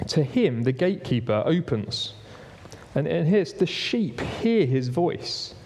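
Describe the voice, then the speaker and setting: A man with a mellow, medium-pitched voice preaches a conversational sermon in a church hall, frequently restarting his phrases and asking for the next slide. The hall gives the recording a long reverb.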